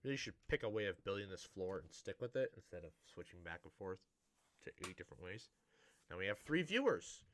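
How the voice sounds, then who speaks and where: A man's voice: low-pitched, sing-song, fairly quick, a bit bright. A man streaming a building game, chatting casually to viewers in a rambling, self-interrupting way with a dry, sarcastic-sounding tone.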